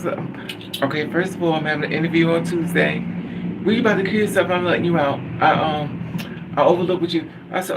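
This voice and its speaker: A man's voice: a little high, a little fast, very noisy. A man vlogging in a candid emotional monologue, blunt and profane, venting with bitter humor.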